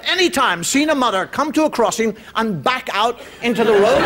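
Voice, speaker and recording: Man, stand-up comic, very high voice, animated, incredulous rants, live audience laughter. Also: fairly quick, a loud crowd, heavy background noise. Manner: incredulous, ranting rhetorical questions. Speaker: stand-up comedian. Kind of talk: stand-up routine. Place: comedy stage before a live audience.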